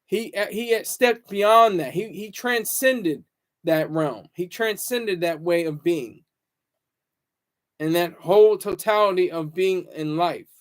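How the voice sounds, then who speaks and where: A man hosting his own talk show, speaking in a halting, rambling way with lots of repeated words and fillers, earnest and reflective. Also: high voice. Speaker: show host. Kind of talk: solo talk-show monologue.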